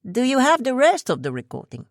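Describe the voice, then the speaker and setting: A woman voicing a self-assured female podcast host who speaks in a measured, composed way in an audiobook. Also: high-pitched, huge pitch swings, no room sound, studio quality, voice pushed up, exaggerated voice. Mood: cool composed.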